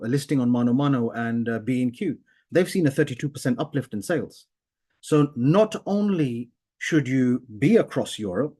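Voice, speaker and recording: A man gives an earnest webinar presentation over a video call. He starts and restarts his sentences and fills them with "uh" and "um". His voice sits at an ordinary pitch for a man. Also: a little mellow. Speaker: webinar panelist, software founder.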